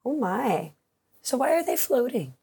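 A woman's voice: on the high side, sing-song, unhurried, gravelly, mellow, slightly rough. A woman player in a casual tabletop role-play, joking and giggling as she plays a cheeky ancient old lady. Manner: playful, giggly, jokey.

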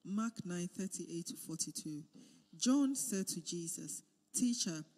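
A man reading scripture aloud in a steady, measured way during a sermon. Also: high-pitched, long reverb tail. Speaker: scripture reader.

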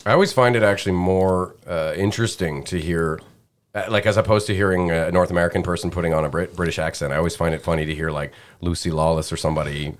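Low-voiced fast-talking male host. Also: fairly even intonation. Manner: brief, agreeable backchannel replies. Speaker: podcast host. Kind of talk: casual interview chat.

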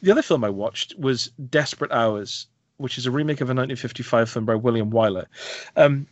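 A man's voice: mid-range voice, no room sound. Chatty British man on a dull dry mic. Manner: chatty, quick asides, self-deprecating humour. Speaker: podcast co-host. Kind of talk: casual film review chat.

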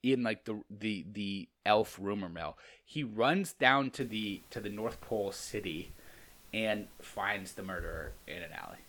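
This podcast host has a fairly low, fairly bright voice and talks a little slowly. He casually reads aloud and comments for comedic effect, swearing and laughing often.

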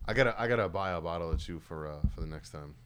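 A man's voice: low-pitched, very fast, a bit bright, clear, resonant tone. A man hosting a casual podcast, telling rambling, profane stories. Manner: profane, rambling storytelling with laughs. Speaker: podcast host. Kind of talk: casual chat.

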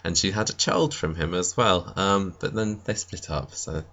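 A man's voice: low-pitched, moderate pace, gravelly, fairly bright tone, lo-fi sound. A man co-hosting a podcast, chatting casually with a rambling, easygoing manner. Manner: chatty, rambling, laughs easily. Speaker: podcast co-host. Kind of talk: casual chat recapping a soap.

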